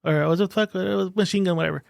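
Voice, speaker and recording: A man with a high, quick voice tells travel stories in loose, animated podcast chat, swearing freely. The sound is dry and close, with no room around it. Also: vocal fry, dry recording. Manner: profane, animated storytelling. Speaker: podcast guest, show host.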